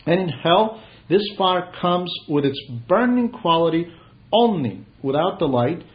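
A man preaching a sermon in an earnest, measured way, rising for emphasis. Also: sits high, lively intonation. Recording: dull lo-fi recording.

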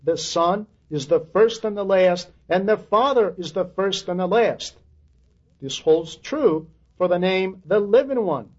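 A man's voice: sits high, expressive, unhurried, darkish tone, slightly rough, dull audio. A man preaching a sermon on scripture, earnest, quoting verses with rising emphasis.

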